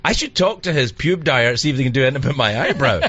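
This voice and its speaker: A man hosting a radio talk show, casual and playful, trading quick teasing jokes with his guest. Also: medium pitch, sing-song, fairly bright tone, breathy edge. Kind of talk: casual comedic chat. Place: radio studio.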